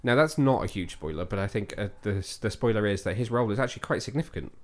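Low-voiced man hosting a film chat. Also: lively intonation, fast talker. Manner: rambling, many restarts, asks questions. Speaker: podcast host. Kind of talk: casual film review chat.

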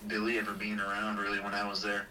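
A man's voice: on the low side, monotone, fast, far from the mic, very noisy. A man co-hosting a podcast, chatting casually in a laid-back, agreeable way. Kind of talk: casual chat.

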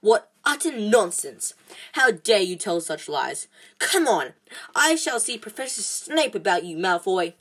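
A woman reading aloud, voicing a strict older female professor who scolds in a stern, shouting, clipped way. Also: medium pitch, very animated, measured pace, slightly rough, pitched above the performer's own voice, heavily acted.

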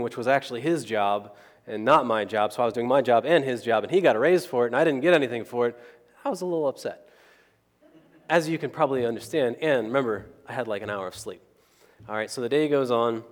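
Man preaching in a reverberant hall. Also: mid-range voice. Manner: conversational, keeps asking the crowd "right?". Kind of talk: storytelling sermon.

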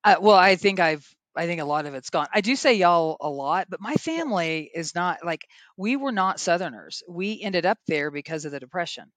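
A woman from Oklahoma with a light Southern US accent, a podcast guest telling stories in an animated, chatty way. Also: on the low side, dry recording. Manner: animated storyteller, quick asides. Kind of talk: casual interview chat.

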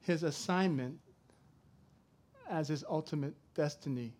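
A middle-aged man preaching a sermon, swinging from loud to soft as he tells a story. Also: a little high, a little slow. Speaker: pastor.

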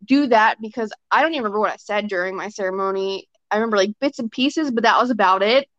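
A young woman talks casually as a podcast guest, at a middle pitch. Her talk is loose and full of fillers and quick acted-out quotes. The recording is dry and a little dull. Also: fairly bright tone, dry recording. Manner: chatty, filler-heavy, often acts out quotes. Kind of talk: casual chat. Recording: dry, slightly dull sound.

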